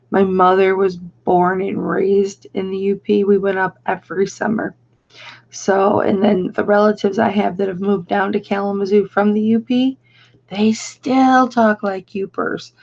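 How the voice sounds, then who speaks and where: A woman's voice: mid-range voice, level tone, normal speed, creaky, a little mellow, dull audio. A woman hosting a casual live stream, chatty and affectionate as she reads out viewer comments. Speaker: live-stream host and reseller.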